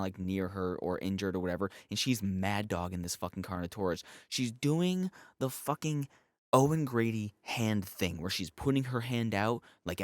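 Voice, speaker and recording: A young man casually recapping and reviewing a show episode, animated and profane, with joking asides. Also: lowish voice, no echo, studio quality.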